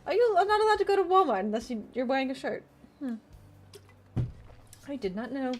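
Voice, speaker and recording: A woman's voice: high voice, big pitch swings, a little fast, slight background noise. A woman putting on a sultry mommy voice. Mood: coy teasing. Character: teasing, sultry motherly woman persona. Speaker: streamer. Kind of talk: live game stream commentary.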